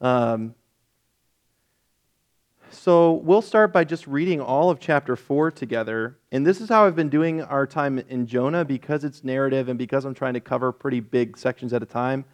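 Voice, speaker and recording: This is a relaxed, casual sermon from a male pastor who self-corrects, cracks gentle jokes, and builds emphasis as he reads scripture aloud. His voice is mid-range and his pace is normal.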